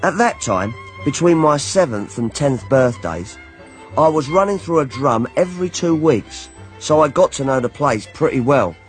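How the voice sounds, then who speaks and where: A man's voice: a little high, animated, moderate pace, faint music behind, close to an everyday voice. An actor narrating as a wry grown man recalling his childhood, in dry, ironic tones, for a radio drama.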